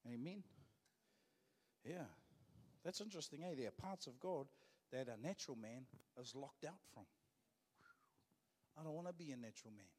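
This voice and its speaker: A male pastor with a New Zealand accent delivers a sermon. He talks to the congregation in a loose, conversational way and hammers points home by repeating his phrases. His mid-range voice carries a long reverb from a church auditorium. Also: mid-range voice.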